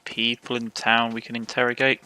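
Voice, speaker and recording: A man's voice: medium pitch, monotone, moderate pace, pushed and bright, clear, resonant tone. A man with a Cornish accent playing a game, reading its text aloud and commenting as he goes, often stumbling and correcting himself. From Cornwall, England. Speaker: let's play host.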